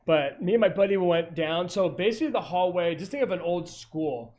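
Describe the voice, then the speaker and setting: A paranormal investigator tells stories about hauntings on a video call, rambling casually with many fillers and corrections. His high voice is expressive and fairly quick, with a darkish tone.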